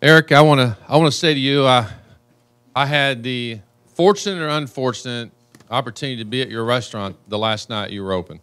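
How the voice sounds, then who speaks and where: A man's voice: mid-range voice, fairly quick, a bit bright, smooth. A congressman from the United States speaking earnestly and emotionally at a town hall.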